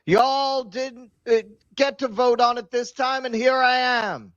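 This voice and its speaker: A man's voice: very high-pitched, steady tone, unhurried, fairly bright tone, no echo, dull audio. A man doing a sarcastic impression of a woman politician with a put-on Southern drawl. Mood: mocking.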